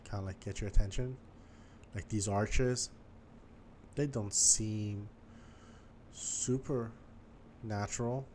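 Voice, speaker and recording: A man's voice: fairly low pitch, fairly even intonation, slow, pauses often, darkish tone, a little hiss or hum. A man giving casual gameplay commentary, chatty and thinking aloud as he explores, with faint game music behind him. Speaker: gaming YouTuber.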